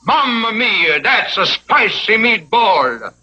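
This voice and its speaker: A hammy commercial actor who swoops wildly up and down in a slow, exaggerated sing-song. The old soundtrack carries a clear layer of noise and clicks. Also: male voice, high-pitched, sing-song, highs cut off, exaggerated voice. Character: hammy Italian-American actor flubbing commercial lines.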